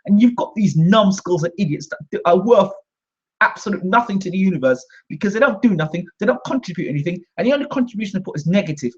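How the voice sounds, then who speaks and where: A fast-talking British man, high-voiced and slightly rough with lively intonation, rants to camera on his own channel. He comes across as indignant and combative, keeps repeating himself, and the recording is dull and lo-fi.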